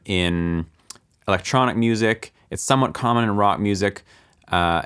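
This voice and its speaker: A man teaching music production, explaining calmly with the odd um and counting beats aloud softly. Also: fairly low pitch. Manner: explains calmly with filler ums. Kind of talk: relaxed screen-recorded lesson.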